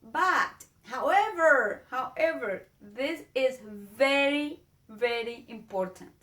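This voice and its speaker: A woman's voice: high voice, animated, takes it slowly, a bit bright. A woman whose first language is Spanish, teaching with a Spanish accent in a casual video lesson, earnest and drawing out her vowel sounds. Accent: Spanish-speaking.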